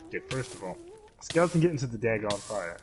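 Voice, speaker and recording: Excitable young man streaming a game. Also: lowish voice, fast talker, slight background noise. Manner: excitable, yelps and swears at the game. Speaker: gaming streamer. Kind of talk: live gameplay commentary.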